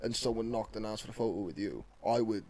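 A man's voice: on the low side, fast, a little mellow. A man co-hosting a podcast, blunt and teasing, swearing casually. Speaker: podcast co-host. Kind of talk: casual chat.

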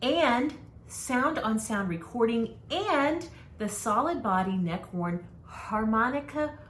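A woman's voice: fairly high pitch, expressive, slow pace. A middle-aged woman co-hosting a podcast in casual, self-deprecating chat, reading out dates and facts. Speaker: podcast co-host. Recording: roomy with faint noise.

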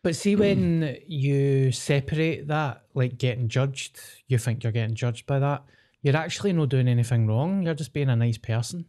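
Man, dark mellow tone, podcast co-host, dry sweary chat. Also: medium pitch, normal speed. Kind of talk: casual chat.

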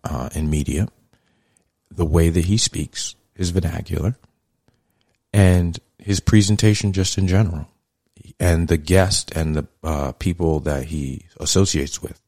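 A man's voice: low voice, steady tone, measured pace, creaky, dry recording, studio quality. A man hosting a podcast, talking in a blunt, profane, conversational monologue that grows more heated. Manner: blunt, profane, conversational, heats up and gets louder. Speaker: podcast host. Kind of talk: casual monologue commentary.

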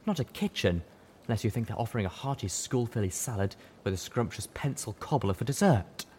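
A man's voice: lowish voice, lively intonation, fairly quick, warm tone, slight background noise, lightly acted. A man voicing a nervous but witty young pegasus mare in a light, chirpy tone. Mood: wry.

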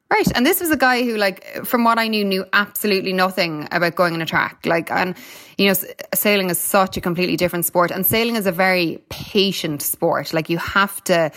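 A woman's voice: on the low side, a bit bright. A woman in her thirties with an Irish accent, a retired runner chatting as a guest, telling stories and laughing often. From Ireland. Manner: chatty, storytelling, laughs often, many fillers. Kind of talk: casual interview chat.

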